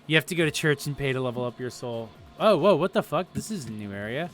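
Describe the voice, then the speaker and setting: A man's voice: mid-range voice, expressive, fast talker, soft background music. A young man rambling through casual live game commentary, swearing often and laughing easily. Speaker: streamer.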